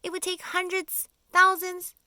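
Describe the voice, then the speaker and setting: A woman voicing a wise old male grasshopper in an audiobook, with sharp, lively questions. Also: very high voice, measured pace, dry recording, voice pushed up, full character voice. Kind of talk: audiobook character voice.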